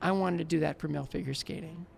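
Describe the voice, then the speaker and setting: Brief: man, 60s, gravelly voice, lively interview storyteller who acts out the dialogue. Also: on the high side, fast talker. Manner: animated, laughs often, acts out remembered dialogue. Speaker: guest, former Olympic figure skater.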